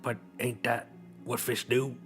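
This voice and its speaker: A man voicing a gullible, rough male fisherman who talks in a slow, dim-witted drawl. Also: mid-range voice, little pitch movement, fairly bright tone, soft background music, lightly acted. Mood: puzzled.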